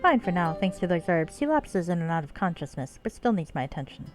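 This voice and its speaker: A woman voicing a calm, measured guide and healer from a fantasy game, explaining things in a composed way. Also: on the low side, faint music behind. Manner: composed, explanatory, reads game dialogue aloud. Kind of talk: reading game dialogue on a live stream.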